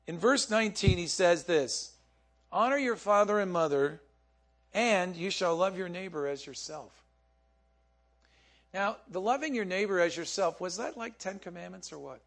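High-voiced man preaching a casual sermon. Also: animated, moderate pace, fairly bright tone. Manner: conversational, asks the congregation questions, laughs often.

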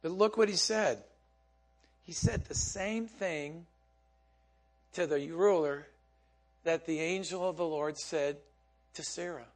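A high-voiced man delivers a relaxed, chatty sermon, posing questions to his listeners and laughing frequently. He speaks slowly, leaving long pauses.

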